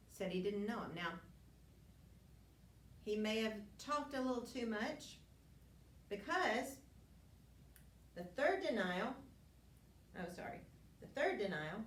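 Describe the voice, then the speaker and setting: A woman teaching a Bible lesson, retelling scripture in an earnest storytelling way with frequent restarts and asides. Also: a little high. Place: church classroom. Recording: roomy, distant mic with faint ambience.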